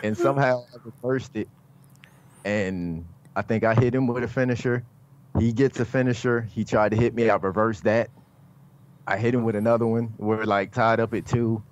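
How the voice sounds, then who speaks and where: A man guesting on a casual podcast, telling stories in a joking, animated way and swearing. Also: on the low side, moderate pace. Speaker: guest, online wrestling league player.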